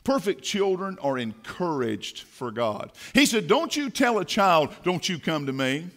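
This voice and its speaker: Man, pastor, church sermon, high-pitched, bright and forceful, fiery. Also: sing-song, a little slow. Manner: fiery, swings from quiet asides to shouting. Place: church sanctuary.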